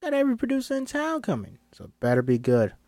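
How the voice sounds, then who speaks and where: A man voicing a salty, old-school woman agent in her fifties who talks fast and pushy. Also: very high-pitched, huge pitch swings, a little mellow, no echo, pitched above the performer's own voice, exaggerated voice. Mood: brassy, pushy.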